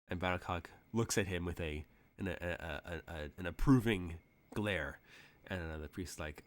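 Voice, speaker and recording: A man's voice: sits low, normal speed. A man running a tabletop role-playing game as game master, rambling with frequent restarts and laughs.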